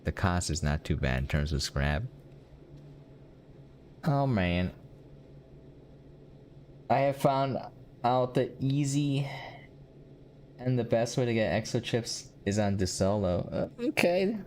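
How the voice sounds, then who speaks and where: A man's voice: lowish voice, very animated, slow, pauses often, a little mellow, a little hiss or hum. A young American man chatting casually while live-streaming a game, rambling and laughing often as he answers his chat. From United States.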